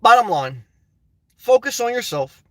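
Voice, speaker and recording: A man's voice: very high voice, very animated, a little slow, dry recording. A man venting and telling stories to his viewers in a rambling, casual monologue, often calling them "guys.". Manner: rambling, storytelling, frequent "guys" asides and laughs. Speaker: YouTuber.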